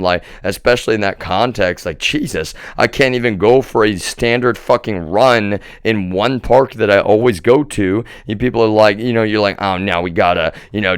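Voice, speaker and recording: Deep-voiced guy venting on stream, swears a lot, smooth clear voice, dry sound. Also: no room sound. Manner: agitated, profane, addresses viewers as y'all. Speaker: livestreamer. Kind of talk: ranting monologue to a live chat.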